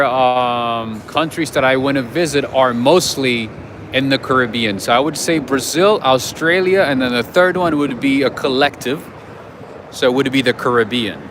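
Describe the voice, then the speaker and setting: Chatty male streamer, mid-pitched, walking a city street on a phone, traffic clearly audible behind him. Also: a bit bright. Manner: chatty, reads out viewer names and greets them. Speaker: livestream host. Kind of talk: casual livestream chat with viewers. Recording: outdoor livestream with clear street noise.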